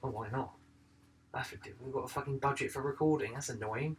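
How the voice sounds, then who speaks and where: A man's voice: mid-range voice, fast, recorded from a distance. A man co-hosting a podcast in casual chat, laid-back and joking, swearing freely. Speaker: podcast co-host.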